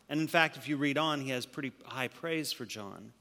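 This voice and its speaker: A male pastor preaching a sermon, moving between loud emphatic passages and hushed, near-whispered lines. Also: medium pitch, moderate pace, big-room sound.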